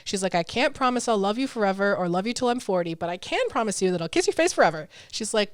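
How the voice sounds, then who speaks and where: A young woman in her twenties co-hosting a casual podcast, enthusiastic and quick to laugh as she gushes about songs. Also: mid-range voice, animated, clean tone, dry recording, clean studio sound. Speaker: podcast co-host. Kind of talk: casual chat about song lyrics.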